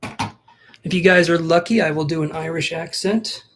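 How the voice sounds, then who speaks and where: A man doing a relaxed live tarot reading on a stream. He chats easily and jokes about himself. He talks his thoughts through out loud as he lays out cards for viewers. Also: on the high side, unhurried, slight background noise. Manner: chatty, self-joking, thinks aloud. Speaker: tarot reader.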